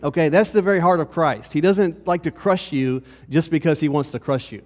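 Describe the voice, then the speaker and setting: A male pastor talks his congregation through a teaching in a relaxed, conversational way, often pausing to ask "okay?" His voice sits slightly high for a man. The sound carries a long hall reverb from the church space. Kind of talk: sermon.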